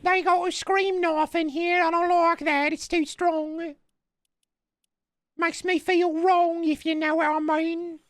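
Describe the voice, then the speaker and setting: Super high nasal british kid streamer, whiny and prissy, slow drawl. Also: male voice, flat delivery, fairly bright tone, dry recording, clean studio sound, heavily acted. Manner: prim, fussy complaining.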